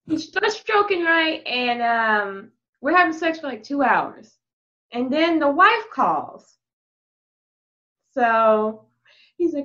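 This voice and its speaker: A woman with a high voice recounts a story bluntly and with energy, in an easygoing chat style. The sound is muffled and lo-fi, like a home podcast recording. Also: takes it slowly, pauses often. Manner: frank, explicit, lively anecdote telling. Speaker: podcast guest. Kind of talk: casual candid storytelling.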